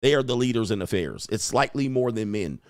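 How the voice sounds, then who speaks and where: A man's voice: mid-range voice, animated, brisk, clear, resonant tone, no room sound, studio quality. A man hosting a livestream commentary show, talking bluntly and emphatically and repeating his points for weight. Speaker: host.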